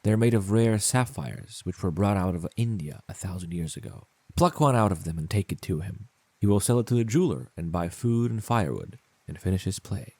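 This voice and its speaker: Selfless sorrowful prince, read by a man; solemn, low and mellow. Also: expressive, brisk, no echo. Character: noble, sorrowful prince statue, male, selfless.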